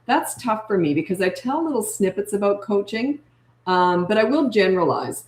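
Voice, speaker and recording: A woman's voice: medium pitch, animated, moderate pace, reverberant. An older woman and parenting coach answering viewer comments on a live stream, chatty and emphatic, repeating her key points.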